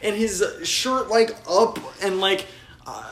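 A teenage guy co-hosting a casual chat show, swinging his voice up and down as he tells stories with plenty of swearing. His voice sits a bit high for a man. The room is echoey, and a faint hiss runs underneath. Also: animated, slow. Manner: loud storytelling, swearing, laughing bursts. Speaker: podcast co-host.

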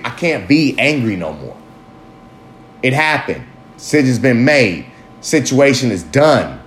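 A man in a casual personal monologue, candid and rambling, swearing freely and jumping up in pitch for emphasis. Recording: echoey room with faint ambient noise.

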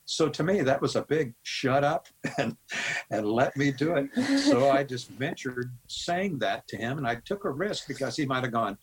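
A man's voice: mid-range voice, expressive, moderate pace, husky, poor audio. An older man from the American Midwest, a guest musician rambling through anecdotes full of quoted dialogue. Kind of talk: storytelling interview.

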